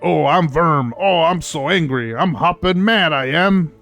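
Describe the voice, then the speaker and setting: A man's voice: a little high, measured pace, a bit bright, soft background music. A man voicing a tiny, hot-tempered male mouse swordsman, in a huffy, blustering, exaggerated manner. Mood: hopping mad.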